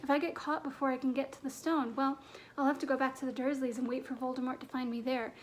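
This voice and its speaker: A woman's voice: high-pitched, flat delivery, quick pace, slight background noise, natural voice. A woman reading an urgent young boy wizard. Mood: fierce. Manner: urgent and intense.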